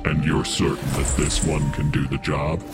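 Guy voicing a super deep devil boss, cold and bossy, music behind. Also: flat delivery, normal speed. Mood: commanding. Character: menacing male devil giving orders.

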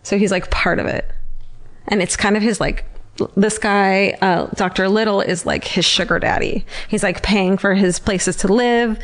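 A woman's voice: mid-range voice, fairly even intonation, normal speed. Woman co-host, loose chatty banter with plenty of cursing. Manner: chatty, swears freely. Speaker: podcast co-host. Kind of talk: casual chat.

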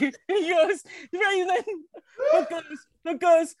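A man's voice: very high-pitched, unhurried, no echo. A man co-hosting a podcast in casual chat, rambling through a crude, profane story and often cracking up laughing. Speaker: podcast co-host.

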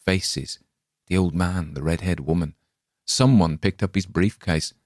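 A man narrating a dark short story in a measured, ominous reading. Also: sits low, no echo, clean studio sound.

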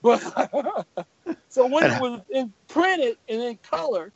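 An older man, a comic artist guest, telling lively anecdotes with laughs and acted-out voices. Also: extremely high pitch, takes it slowly, vocal fry, breathy edge, dry recording. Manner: animated, laughing, acts out quoted voices. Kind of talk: anecdotal storytelling. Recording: dull lo-fi recording.

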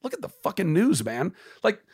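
A man's voice: high voice, big pitch swings, normal speed, a little mellow, breathy edge. A man talking earnestly and with passion in a casual conversation, swearing freely and sometimes dropping to a whisper.

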